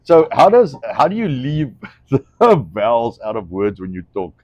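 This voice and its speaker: A man's voice: mid-range voice, sing-song, measured pace, a little mellow, no room sound, lo-fi sound. A man who is not a native English speaker, co-hosting a casual livestream, talking bluntly and swearing freely. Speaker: co-host.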